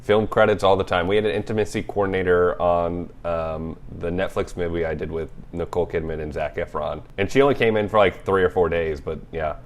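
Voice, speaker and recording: Young male co-host, very deep voice, animated and jokey. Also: brisk, hardly any pauses, a little hiss or hum. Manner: animated, jokey, laughs often. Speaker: podcast co-host. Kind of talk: casual movie chat.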